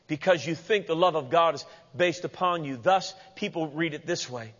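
A man preaching a sermon as pastor, animated and playful, acting out the voices of the people he quotes. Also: fairly high pitch, moderate pace, hardly any pauses. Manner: animated, acts out quoted voices with humorous asides. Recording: dull lo-fi sound with long hall reverb.

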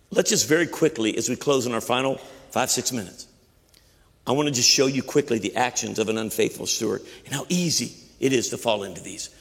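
A pastor preaching a sermon with emphatic repetition and shifting voices. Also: male voice, medium pitch, creaky. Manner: emphatic preaching, repeats phrases, quotes voices. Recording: long hall reverb.

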